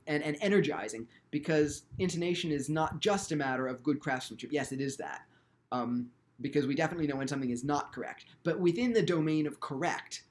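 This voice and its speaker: Male violin teacher, slightly high voice, reflective lecturing tone with frequent ums and restarts. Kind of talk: instructional video lecture.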